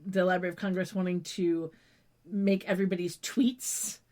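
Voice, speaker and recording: A woman's voice: lowish voice, little pitch movement, moderate pace, heavy background noise. A young woman co-hosting a podcast, rambling through a casual recap with detailed descriptions and casual swearing. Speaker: podcast co-host.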